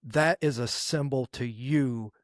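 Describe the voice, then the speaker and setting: A man's voice: medium pitch, takes it slowly, no room sound, studio quality. A man hosting a podcast, interviewing a guest in a supportive way and affirming him often. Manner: supportive, frequent agreeing interjections. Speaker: podcast host.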